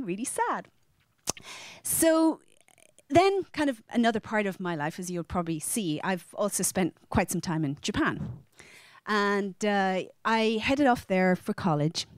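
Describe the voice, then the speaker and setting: An Irish woman tells a personal story to a live audience, lively and chatty, with frequent restarts as she goes. Her pitch sits mid-range. The sound is dry and close, with little room around her. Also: measured pace, no room sound. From Ireland. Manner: animated, with frequent restarts and acted-out quotes. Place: media center storytelling event.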